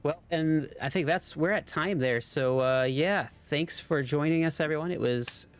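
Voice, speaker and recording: A man's voice: on the high side, moderate pace, clear, resonant tone. A man narrating as game master of a streamed tabletop game, in a laid-back descriptive way.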